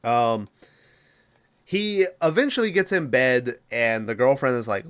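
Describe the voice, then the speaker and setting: A podcast host casually recapping a film, swearing a lot and rambling. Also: male voice, medium pitch, expressive, measured pace, a bit bright, smooth. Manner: profane, rambling, laughing.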